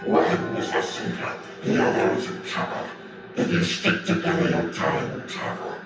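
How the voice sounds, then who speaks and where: A man voicing a creepy female fortune-teller witch in a whispered role-play, chanting in a breathy whisper. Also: moderate pace, natural voice. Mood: ominous. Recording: very echoey, distant, loud music.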